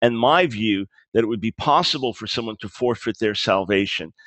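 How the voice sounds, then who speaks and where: A man's voice: lowish voice, expressive, normal speed, fairly bright tone, no echo. Earnest man explaining in a dry close sound. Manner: earnest, explanatory, restarts phrases, quotes dialogue. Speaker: author being interviewed. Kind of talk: conversational interview.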